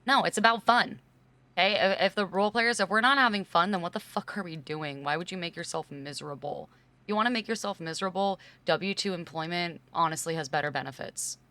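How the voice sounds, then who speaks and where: Low, forceful woman streamer. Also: quick pace. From California. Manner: rambling, heavy use of "like", emphatic when arguing. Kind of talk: casual chat with viewers.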